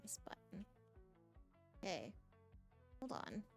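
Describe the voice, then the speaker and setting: A woman's voice: mid-range voice, big pitch swings, slow, vocal fry, soft background music. Chatty woman streamer on a desk mic. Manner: chatty, laughs often, greets chat by name. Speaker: game streamer. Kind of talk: casual live-stream chat. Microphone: desk mic, headset off.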